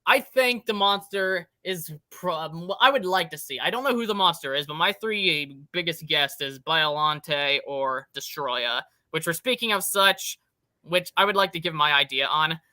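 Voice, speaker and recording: A man's voice: fairly high pitch, moderate pace, pushed and bright, no echo. A young man hosting a casual podcast chat, rambling enthusiastically and swearing casually. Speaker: podcast host.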